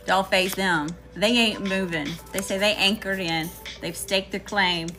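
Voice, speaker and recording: A woman with a Southern accent gives a casual tarot reading in a bright, ringing voice. She talks in a loose, slangy, chatty way and answers Spirit aloud as she goes. Faint music plays under her voice. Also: medium pitch, unhurried. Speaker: tarot reader.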